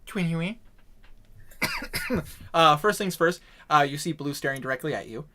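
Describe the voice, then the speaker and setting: Animated man running a tabletop game. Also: on the high side, unhurried, slight background noise. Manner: animated, laughing often. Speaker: dungeon master. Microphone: home microphone on voice chat.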